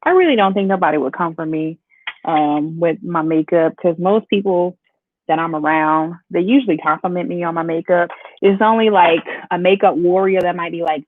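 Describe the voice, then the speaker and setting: A woman's voice: lowish voice, normal speed, a little hiss or hum. A woman from Chicago, chatting casually with her viewers as she walks through a live makeup tutorial. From Chicago, United States. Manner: chatty, talks straight to viewers as "y'all". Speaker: beauty vlogger. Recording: tinny phone-like sound, dry.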